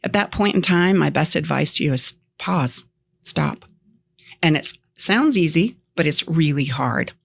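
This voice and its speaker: A woman relationship coach explaining her method in an animated, emphatic way, often acting out lines she would say. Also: low-pitched, measured pace, creaky. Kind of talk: guest explaining on a talk show.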